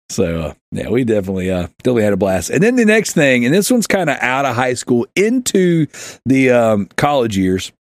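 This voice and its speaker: In a casual storytelling chat, a male podcast host laughs his way through a rambling, funny tale, performing shouted quotes. His medium-pitched voice swings hugely in pitch at a moderate pace, in clean, echo-free studio sound.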